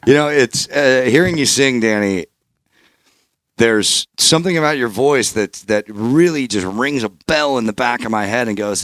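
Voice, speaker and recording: A man from Northern California hosting a casual podcast interview, animated and profane, with rambling restarts. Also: mid-range voice, normal speed, no echo. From Bay Area, Northern California. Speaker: podcast host.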